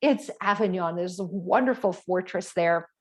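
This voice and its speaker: A woman's voice: on the low side, moderate pace. A middle-aged woman, a travel agent, giving a casual, rambling presentation to clients, with fillers and frequent self-corrections.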